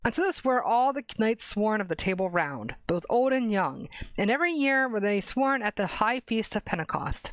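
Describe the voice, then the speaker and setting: A woman's voice: medium pitch, lively intonation, moderate pace, no room sound. Chatty young woman reading aloud, lo-fi. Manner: chatty, stumbles and self-corrects while reading. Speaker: streamer. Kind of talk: casual chat while reading game documents aloud. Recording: dull, dry lo-fi stream audio.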